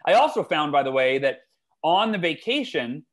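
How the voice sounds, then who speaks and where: A man, a guest author in a podcast interview, telling stories in an animated way with big swings in his voice. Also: a little high, normal speed. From United States.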